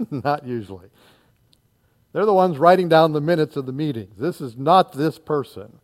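A man preaching an expository sermon, reading scripture aloud and explaining it verse by verse, acting out the crowd and dropping into quiet asides. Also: moderate pace. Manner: animated, acts out the crowd, dropping to low asides.

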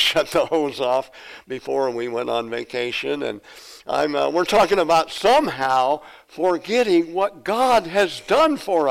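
A man's voice: mid-range voice, gravelly, poor audio. A middle-aged man preaching a sermon in a folksy way, often repeating words as he tells stories. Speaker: pastor.

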